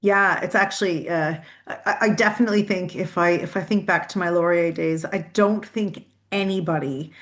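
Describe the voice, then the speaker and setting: Chatty Canadian woman, lowish voice. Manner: chatty, many restarts and fillers. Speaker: guest. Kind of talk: casual interview answers.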